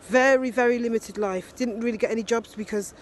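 A woman in her fifties recording a personal video diary on her handheld phone, talking in a heartfelt, halting way with many fillers. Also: a little high, steady tone, slight background noise. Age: 50s. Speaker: video diarist. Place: ski resort and restaurant abroad.

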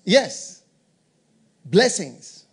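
A man's voice: sits high, sing-song, extremely slow, a little hiss or hum. A male bishop preaching a sermon, emphatic, repeating key phrases and often laughing.

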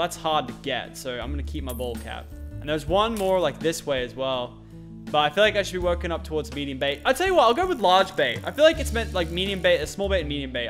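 An excitable young Australian man talks his way through a video game, his voice bouncing all over the place and sitting a bit high. He yelps and groans at the game as he plays. Faint music runs underneath. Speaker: gaming channel host. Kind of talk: excitable let's-play commentary.

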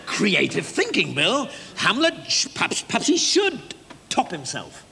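A man's voice: high-pitched, huge pitch swings, unhurried, gravelly, full character voice. An actor playing a pushy, glib theatre producer who talks in a coaxing, salesman-like patter in a live comedy sketch. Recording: live stage audio with hall reverb and noise.

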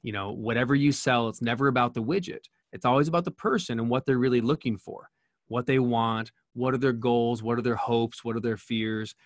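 A man's voice: mid-range voice, steady tone, a little fast, no echo. A middle-aged man telling an earnest story as a podcast guest, with many restarts. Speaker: podcast guest, speaker and coach. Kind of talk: storytelling in interview.

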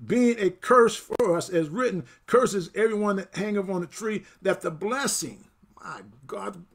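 A man preaching a sermon as pastor, reading scripture and breaking in with amens and praise, getting excited as he goes. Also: sits high. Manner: excitable, picks up speed then slows for scripture.

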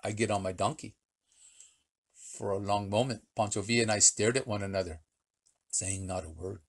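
A man voicing a very old storyteller, speaking broken English with dramatic pauses and slow punchlines. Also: lowish voice, steady tone, vocal fry. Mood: playful. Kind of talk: storytelling for children.

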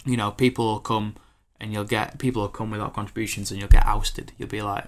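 A man in his twenties hosting a podcast, rambling in an animated, casual way with lots of fillers and acted-out quotes. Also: fairly low pitch, a little fast, few pauses. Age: 20s. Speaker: podcast host.

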